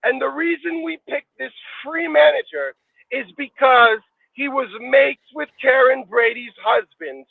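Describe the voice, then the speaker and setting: An angry, swearing man calls in to a fan show, his voice pitched very high with a gravelly edge. He comes through a narrow, tinny line that sounds dry, with no room around him. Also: dry recording. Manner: angry, swearing, fast-talking. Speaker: guest fan. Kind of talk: heated fan call-in chat.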